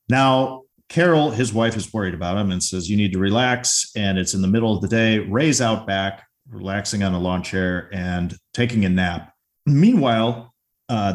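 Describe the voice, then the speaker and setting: A man casually recapping a favorite comedy film scene, chatty and full of restarts. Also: on the low side. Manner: chatty, retells scenes with acted quotes. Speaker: film commentator.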